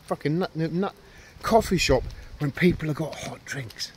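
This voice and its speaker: A man's voice: fairly high pitch, a little slow, slight background noise. A man vlogging outdoors with his dogs, rambling and ranting, heavy with swearing and self-deprecating jokes. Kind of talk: casual rambling vlog.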